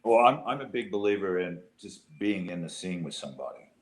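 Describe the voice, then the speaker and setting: A man's voice: low-pitched, animated, brisk, roomy sound. A man, an actor guest in a casual video interview, laughing often and restarting his thoughts. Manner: laughing, self-deprecating, thinks aloud with restarts.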